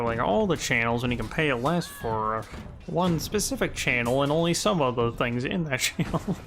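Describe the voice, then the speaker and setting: A man's voice: medium pitch, animated, moderate pace, fairly bright tone, a little hiss or hum. A man giving casual gameplay commentary as a video creator, rambling with lots of fillers and chuckling at himself. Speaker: gaming YouTuber.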